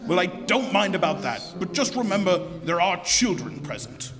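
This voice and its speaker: A man's voice: high voice, very animated, moderate pace, crowd noise. An actor playing a hearty, easily flustered male doctor companion, in 1940s radio acting style, on a reverberant old broadcast.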